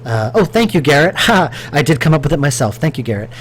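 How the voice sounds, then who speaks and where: A fairly high-pitched, sing-song male voice moves at a quick pace over slight background noise. The speaker, a game developer streaming his work, gives casual running commentary, rambling with fillers and restarts while responding to viewers.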